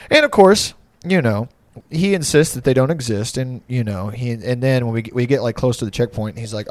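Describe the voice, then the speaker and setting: A man's voice: mid-range voice, normal speed, a little mellow, no room sound. A man telling a long, rambling story in casual chat, swearing freely and breaking into laughs.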